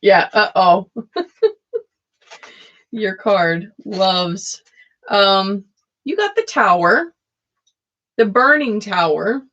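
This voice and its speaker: A woman doing a casual live-streamed tarot reading, playful and quick to laugh between cards. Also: medium pitch, expressive, fairly bright tone, lo-fi sound. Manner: giggly, playful, often breaks into laughter.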